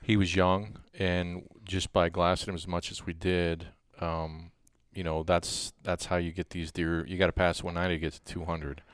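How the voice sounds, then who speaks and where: A man talking as a guest hunter in a relaxed, self-deprecating way. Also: low voice, normal speed, hardly any pauses, no room sound, studio quality. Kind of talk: casual chat.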